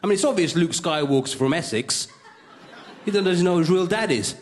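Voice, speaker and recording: A male stand-up comedian, hosting a comedy show with quick, cheeky punchlines before a live audience. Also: sits high. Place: studio comedy stage with audience. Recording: live stage with loud crowd.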